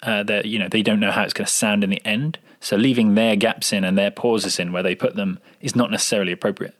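A man's voice: on the low side, steady tone, fast. A man, a sound designer, explaining editing advice in an interview answer and acting out example lines. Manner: explanatory, acts out example dialogue.

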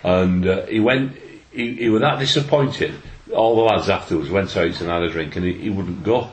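A man with a lowish voice spins a long anecdote in relaxed podcast chat. The recording is roomy, with clear echo around his voice. He talks in a chatty, storytelling way. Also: moderate pace. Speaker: podcast co-host. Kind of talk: casual chat.

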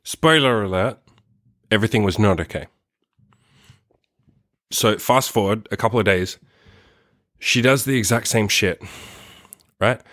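A man's voice: fairly low pitch, unhurried, long pauses, a bit bright, no echo, clean studio sound. A man telling a personal story in a rambling, casual way, swearing often and filling his speech with "like" and "right?". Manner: rambling, profane, heavy use of "like" and "right?".

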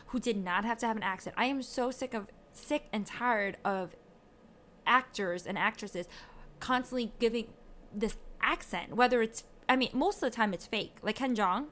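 A woman's voice: a little high, normal speed, a bit bright. Woman ranting a bit about movies, emphatic and frank, casual vibe. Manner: opinionated, emphatic, candid. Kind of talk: casual film discussion.

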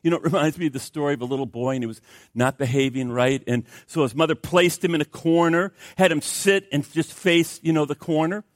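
An older man, a pastor, preaching a sermon with lively storytelling and jokey asides to the congregation. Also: a little high, brisk, no echo, studio quality.

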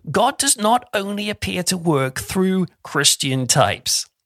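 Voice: medium pitch, a bit bright, no echo, studio quality. A YouTuber giving a conversational reflection on a Bible passage, chatty and informal with asides and restarts.

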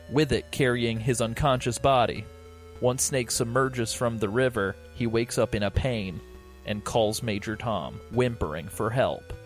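A man's voice: mid-range voice, fairly bright tone. A man hosting a podcast who reads a fan story aloud with mocking, exaggerated emphasis. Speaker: podcast host. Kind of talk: comedic dramatic reading.

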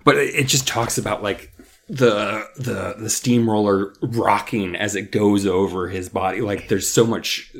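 A man co-hosting a podcast, chatting casually about a book and acting out its characters in sudden high-pitched voices. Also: measured pace, vocal fry, slightly rough. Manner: animated, acts out characters in jumpy high voices. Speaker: podcast co-host.

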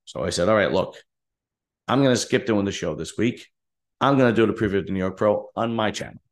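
A man's voice: on the low side, a little fast. A man hosting his own podcast, telling a story in a direct, aggrieved way and acting out both sides of past conversations. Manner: direct, aggrieved, recounting dialogue. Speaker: podcast host. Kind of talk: casual storytelling monologue.

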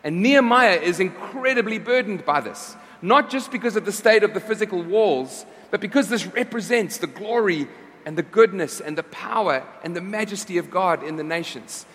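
A man's voice: high voice, animated, normal speed, fairly bright tone. A man preaching a sermon to his congregation in a conversational way, often restarting and repeating his phrases. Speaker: pastor. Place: church service. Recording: long reverb of a large hall.

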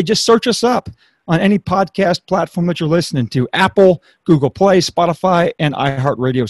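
Male podcast host, upbeat, casual, slightly high voice. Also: dry recording. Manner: upbeat, energetic, hypes the sign-off; repeats words when starting a phrase. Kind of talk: casual interview talk.

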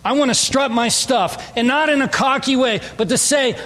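A man's voice: very high voice, moderate pace, hardly any pauses, a bit bright. A man preaching an emphatic, story-driven sermon as a pastor. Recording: long hall reverb.

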